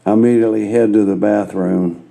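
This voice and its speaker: Gravelly laid-back guitarist telling stories. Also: male voice, fairly low pitch, fairly even intonation, brisk, warm tone. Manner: laid-back, self-mocking anecdotes. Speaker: guest guitarist. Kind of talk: live storytelling on stage.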